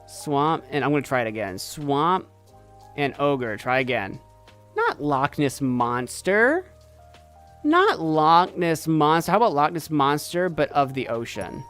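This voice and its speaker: A man streaming a game, chatting playfully and excitedly as he thinks aloud. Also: a little high, a little slow, faint music behind. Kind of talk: casual gameplay commentary.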